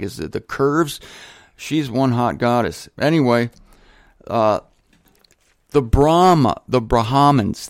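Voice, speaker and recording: A man hosting a show alone, talking casually with joking asides and lively shifts. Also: medium pitch, dry recording, clean studio sound. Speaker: host. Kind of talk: casual monologue on religion.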